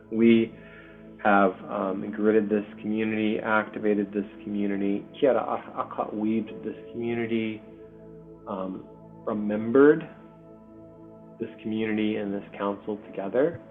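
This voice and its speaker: A man hosting a spiritual community video call, speaking softly and hesitantly with many pauses and ums. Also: fairly low pitch, steady tone. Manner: soft-spoken, hesitant, full of pauses and ums. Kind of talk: heartfelt spiritual community talk. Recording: tinny call audio with faint music.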